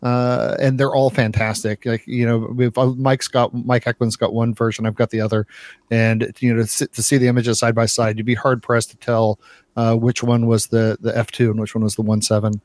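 A man's voice: mid-range voice, flat delivery, brisk, darkish tone, no echo. A man co-hosting a podcast in casual chat, talking at length with many repeats and filler words. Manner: repeats words, lots of uh and you know. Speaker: podcast co-host.

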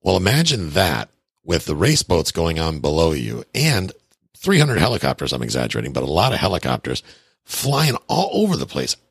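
Super deep gravelly guy hosting a podcast, laid-back, lots of ups and downs, husky and dry. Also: huge pitch swings, moderate pace, no echo. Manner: laid-back, chuckles often. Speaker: podcast host. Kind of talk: casual podcast chat.

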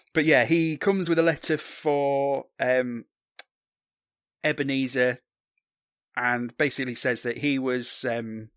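A man's voice: mid-range voice, fairly even intonation, slow, long pauses, a bit bright, clean tone, no room sound, studio quality. A man casually recapping a film on a podcast, joking and swearing with many ums. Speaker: podcast co-host.

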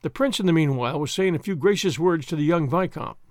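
A man narrates a period novel with theatrical expression, his pitch a little high and very animated. The sound is close and dry, with no room echo. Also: fast, hardly any pauses. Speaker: audiobook narrator. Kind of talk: scripted narration.

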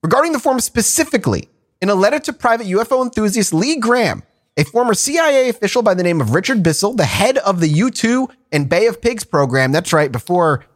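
A man talking on a casual podcast recorded over a video call, his voice a bit higher than most men's and swinging widely in pitch. He rambles as he presents his research, stacking fillers and restarting his sentences. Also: big pitch swings, fairly quick. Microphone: remote call over a video chat app.

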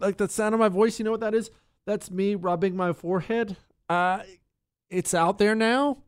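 Animated talk radio host, smooth dry voice. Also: male voice, dry recording. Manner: animated, sarcastic, jumps to high silly voices and sound effects. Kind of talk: opinionated casual monologue.

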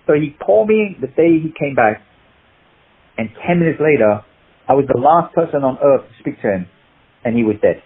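An older man from the UK, a martial artist and actor, telling animated anecdotes in an interview, acting out the people he quotes and laughing at his own stories. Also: on the high side, normal speed, long pauses. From United Kingdom. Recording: husky voice over a tinny phone-like line.

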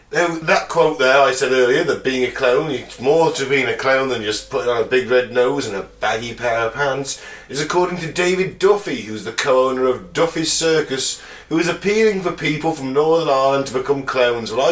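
A man's voice: medium pitch, sharp tone. A man co-hosting a casual comedy podcast, swearing freely, laughing often and playing up mock outrage. He is recorded from a distant mic in a roomy space. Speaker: podcast co-host.

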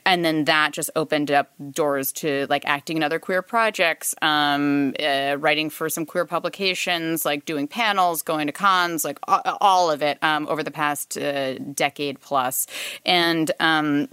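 A woman's voice: sits low, unhurried, clear, resonant tone, no echo. A woman in her thirties, a guest on a podcast, chatting casually with lots of laughs and fillers. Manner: animated, laughing, many fillers and asides. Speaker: guest, actor and writer. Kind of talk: casual interview chat.

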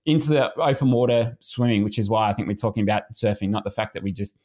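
A swimming coach joins a podcast as a guest, speaking in a relaxed, easygoing, casual way and restarting his sentences often. His male voice is on the low side, and he talks fast.

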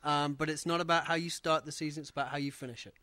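A man appearing as a regular guest on a sports podcast, measured and a bit hesitant, with fillers. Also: a little high, steady tone, heavy background noise. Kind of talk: casual sports podcast banter.

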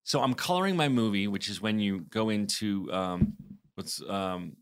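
A man co-hosting a podcast, telling a story in casual chat, animated and swearing freely with lots of fillers. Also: on the low side, normal speed, clear, resonant tone. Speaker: podcast co-host.

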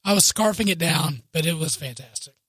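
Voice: medium pitch, expressive, fairly quick, fairly bright tone, husky, dry recording. A podcast co-host chatting casually and reading a news story aloud, often breaking into laughs and asides.

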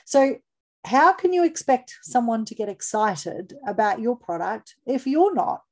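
A woman's voice: a little high, sing-song, unhurried, darkish tone. Upbeat woman. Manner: chatty and upbeat, laughs easily. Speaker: podcast co-host. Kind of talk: casual podcast chat giving business tips.

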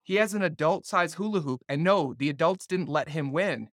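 A man hosting a podcast, telling stories in an animated way and swearing freely in casual conversation. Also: a little high, normal speed, no echo, studio quality. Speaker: podcast host.

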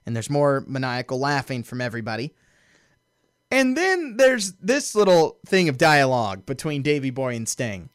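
A man's voice: mid-range voice, big pitch swings, moderate pace, smooth, dry recording. A man co-hosting a podcast, chatting casually and animatedly, laughing often as he recaps a show. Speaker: podcast co-host.

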